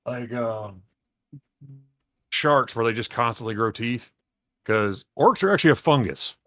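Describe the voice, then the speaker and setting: A young man hosting a casual podcast who rambles in an animated way and swears freely. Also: medium pitch, a little slow, no room sound, clean studio sound. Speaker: podcast host.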